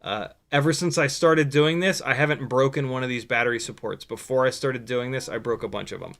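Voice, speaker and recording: A man's voice: medium pitch, fairly quick, a bit bright. A man hosting a livestream, chatting loosely as he works and answering viewer questions, with casual swearing and dry sarcasm. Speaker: livestream host building a drone.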